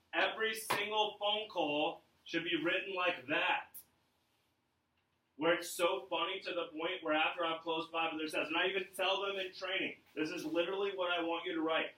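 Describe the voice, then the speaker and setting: A man leading a sales training seminar, coaching with lots of energy and asking his listeners again and again if they follow. His voice is fairly high and bright, and it comes from some distance off in an echoey room. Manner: energetic, coaching, checks in often with "right?".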